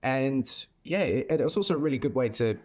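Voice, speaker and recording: Young adult male guest, mid pitch, profane and lively storyteller. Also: a little fast. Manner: swears freely, lively storytelling. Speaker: podcast guest, bartender. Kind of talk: casual interview chat.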